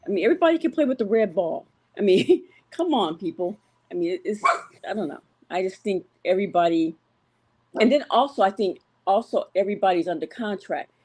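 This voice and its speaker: A woman's voice: mid-range voice, lively intonation, a little fast, mellow, husky. A woman calling in to a show, hesitant with many ums, giving firm opinions. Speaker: caller. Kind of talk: casual call-in opinion.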